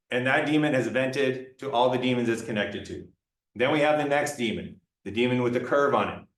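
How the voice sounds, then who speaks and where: A man's voice: mid-range voice, fairly bright tone. A man giving a classroom lecture in a playful way, acting out examples for students. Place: lecture room. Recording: roomy lecture room, mic far off.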